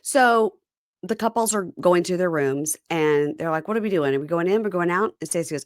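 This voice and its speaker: A woman's voice: on the low side, brisk, no room sound, clean studio sound. A woman co-hosting a podcast, casually retelling scenes and acting out the quotes. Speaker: podcast co-host. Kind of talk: casual recap chat.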